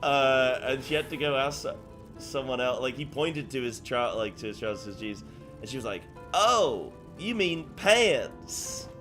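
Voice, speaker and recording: A man chatting loosely to his viewers while he plays, full of fillers and half-started sentences. His voice sits at a middling pitch, with faint game music underneath. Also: steady tone, fairly bright tone. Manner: rambling, halting, lots of fillers. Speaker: game streamer. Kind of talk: casual live-stream chat.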